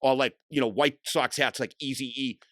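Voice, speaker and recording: A man's voice: mid-range voice, normal speed, no room sound, studio quality. Profane man telling stories. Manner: profane, animated storytelling, acts out quotes loudly. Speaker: podcast host. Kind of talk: casual storytelling monologue.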